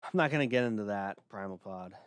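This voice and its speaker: Blunt low-voiced man ranting. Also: expressive, quick pace, clear, resonant tone, no room sound. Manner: blunt and dismissive, with filler words. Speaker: livestream host. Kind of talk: casual ranting livestream.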